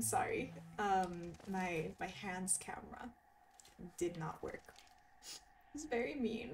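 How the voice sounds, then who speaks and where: A woman's voice: on the high side, a little mellow, far from the mic, slight background noise. A woman chatting casually and giggling with her viewers while she streams a video game. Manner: giggly, chatty, reacts to chat. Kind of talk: casual gaming stream chat. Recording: voice a bit off-mic over game music. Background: game music.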